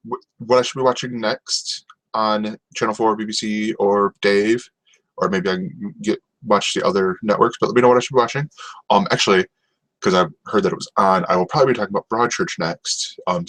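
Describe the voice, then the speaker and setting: Male solo podcast host, low-pitched, casual and rambling, filler-heavy delivery. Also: a bit bright, low-quality recording. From North America. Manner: rambling, lots of ums and restarts. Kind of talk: casual solo TV review chat.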